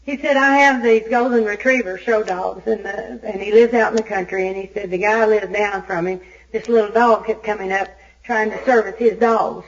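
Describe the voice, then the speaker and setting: A woman from Arkansas gives a recovery meeting talk as an Al-Anon speaker, telling her story in an animated, self-mocking way. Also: mid-range voice, moderate pace. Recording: dull lo-fi tape recording.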